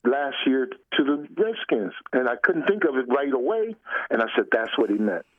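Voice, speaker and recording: Older ex-player guest, folksy and laughing, dry tinny phone sound. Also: male voice, mid-range voice, animated, moderate pace, dry recording. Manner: laughs often, loose and folksy. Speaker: former football player, guest. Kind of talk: casual interview storytelling.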